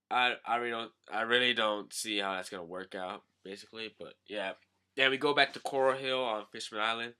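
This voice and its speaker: A young man casually recaps a comic chapter, rambling and filling gaps with "uh" and "like". His voice has a very bright, sharp edge and sits at a middle pitch. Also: smooth. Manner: rambling, with many fillers. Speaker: manga reviewer.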